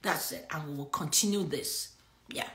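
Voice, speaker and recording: A woman's voice: sits low, moderate pace, vocal fry, fairly bright tone, reverberant. A middle-aged woman preaching a sermon on a livestream, reading scripture and making emphatic points with laughter between them.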